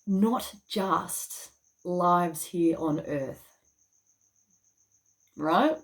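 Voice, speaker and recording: A woman's voice: mid-range voice, animated, very slow, long pauses, a little mellow. An Australian woman talking casually to her viewers, chatty, swearing freely and saying "okay" again and again. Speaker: spiritual channel and YouTuber. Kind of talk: casual talk to camera.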